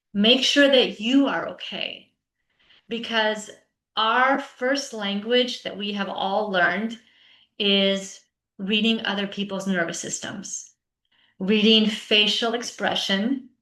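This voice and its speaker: Speaking in a mid-range, slightly bright voice, a teacher coach gives a conference talk to teachers during an online session with a chat. She keeps it conversational and often asks "right?" to check in, while a roomy echo surrounds her words.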